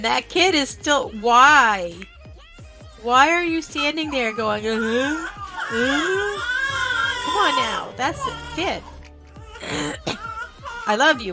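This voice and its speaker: A woman streamer with a fairly high, very lively voice, gushing as she talks to her game characters. She speaks slowly and lingers on her words. Game music plays clearly behind her. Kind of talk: live-streamed gameplay commentary.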